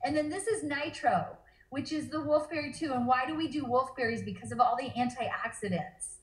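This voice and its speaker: A woman in casual chat who eagerly demonstrates drinks and products and talks fast. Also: sits high, roomy sound, low-quality recording. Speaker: guest showing products.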